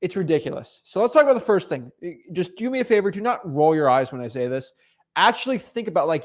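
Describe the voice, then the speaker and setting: Speaking a little fast with lively intonation and a slightly high voice, a man coaches viewers on real estate wholesaling during his livestream. The talk is unscripted, blunt and teasing, and he frequently trips over and repeats words.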